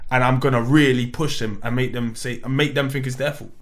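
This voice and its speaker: A man, co-hosting a podcast and telling stories in animated casual chat, acting out other people's lines. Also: mid-range voice, a little fast. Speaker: podcast co-host.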